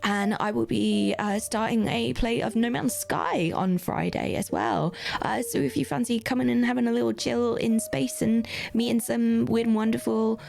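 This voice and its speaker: A woman with a husky voice from being sick, chatting casually as a guest player and streamer, with many ums. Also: a little high, fairly even intonation, normal speed, hardly any pauses, a little mellow. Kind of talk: casual self-introduction.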